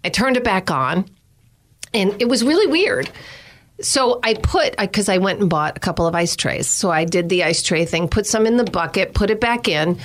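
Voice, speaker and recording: A woman's voice: mid-range voice, moderate pace. A middle-aged woman co-hosting, telling a story in casual banter with lots of laughter and acted-out voices. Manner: animated storyteller, laughs often, acts out voices. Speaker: co-host.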